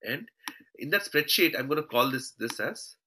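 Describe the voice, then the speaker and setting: Over a noisy background, a man leads a live online class via shared screen, his mid-range voice lively in intonation and normal in speed. He refers to the students as "team" and caps his points with "okay" or "all right."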